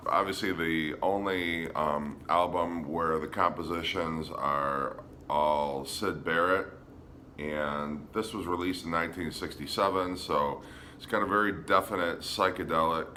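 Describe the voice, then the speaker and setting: A man casually showing his record collection on a vlog, relaxed and hesitant, with frequent ums. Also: deep voice, a little slow, slight background noise. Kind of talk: casual show-and-tell vlog.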